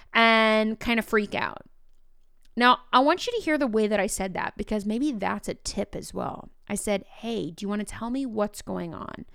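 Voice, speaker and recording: A woman's voice: mid-range voice, a bit bright, clean tone, no room sound, clean studio sound. A woman teacher talking casually and telling upbeat classroom stories. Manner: upbeat, storytelling. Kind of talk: casual podcast talk.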